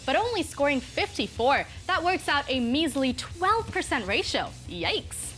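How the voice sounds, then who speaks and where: Woman, sports news co-host, lively pitch, teasing, faint music under. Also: normal speed. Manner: bright, teasing delivery. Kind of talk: scripted sports news with jokes.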